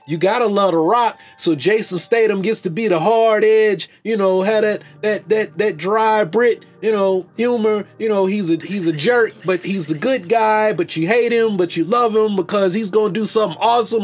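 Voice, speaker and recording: A man's voice: sits high, moderate pace, soft background music. A man hosting a podcast, riffing loosely about movies with jokes, slang and restarts. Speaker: podcast host. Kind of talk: casual movie commentary.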